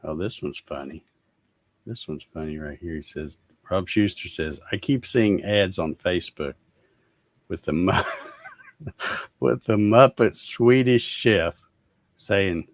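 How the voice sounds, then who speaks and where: Man hosting a casual stream, sarcastic ranting tone, fairly low voice, dry close recording. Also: slow pace, long pauses, dry recording. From Georgia, USA. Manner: ranting, fed-up, sarcastic, laughs at comments. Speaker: show host reading viewer comments. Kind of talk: casual livestream chat.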